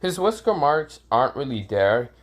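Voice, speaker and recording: A man's voice: mid-range voice, big pitch swings, moderate pace. Man, casual fan-story narration, rambling, profane, self-correcting, recorded at home.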